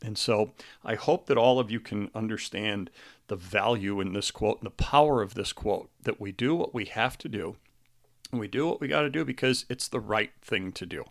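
Middle-aged male podcast host, grieving, halting and earnest; low voice with a gravelly edge. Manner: halting and earnest, with many restarts. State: grieving, close to tears. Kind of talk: personal monologue.

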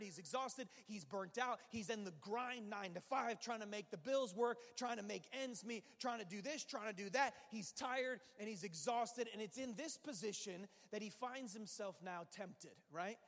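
A man with a notably high voice preaches from the pulpit, animated and driving his points home by repetition. He slips into the inner voices of his listeners as he goes. His words carry a long, hanging reverb from a large hall. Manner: animated, acts out quoted inner voices, repeats phrases for emphasis. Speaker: pastor. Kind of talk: sermon. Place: church sanctuary.

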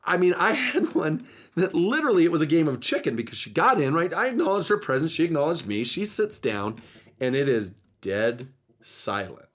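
Lively, animated man telling stories. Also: fairly high pitch, normal speed. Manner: animated, chatty storyteller. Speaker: podcast host. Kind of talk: casual storytelling chat.

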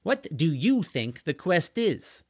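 A man's voice: a little high, very animated, slow, no echo, voice pushed up, full character voice. Storybook role: blunt young woman guide played by a man, skeptical and curt, dry close recording. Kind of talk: storybook reading.

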